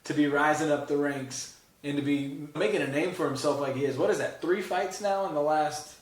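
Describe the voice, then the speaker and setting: Laid-back middle-aged dad co-host, fairly high voice, teasing, recorded in a roomy space away from the mic. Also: male voice, fairly even intonation, normal speed, recorded from a distance. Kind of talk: casual sports chat.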